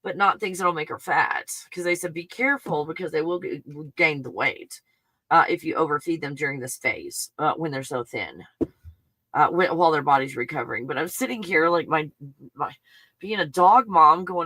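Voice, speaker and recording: A woman's voice: lowish voice, lively intonation, moderate pace, pushed and bright, no room sound. A woman hosting a livestream, chatting casually and laughing as she rambles about her puppy. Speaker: livestream host. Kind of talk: casual chat.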